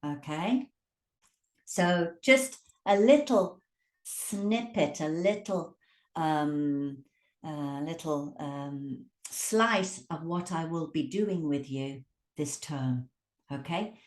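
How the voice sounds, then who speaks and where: A woman teaching English pronunciation, drawing out words slowly and stressing syllables to demonstrate. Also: low-pitched, far from the mic. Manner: slow, drawn-out demonstrative speech with lively emphasis. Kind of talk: pronunciation lesson. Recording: echoey room.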